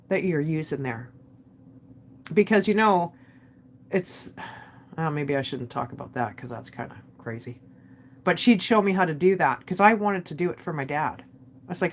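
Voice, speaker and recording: A woman with a somewhat low voice recounts a personal family story straight to the camera. She talks candidly, scattering "like" through her sentences and acting out what each person said. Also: moderate pace. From Canada. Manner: candid, emotional retelling with many "like"s. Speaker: vlogger.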